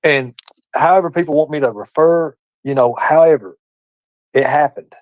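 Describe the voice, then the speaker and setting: Man, angry profane rant, repetitive lecturing, slightly high voice, dry close sound, dull lo-fi clip audio. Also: normal speed, dry recording. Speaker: livestream speaker in a played clip.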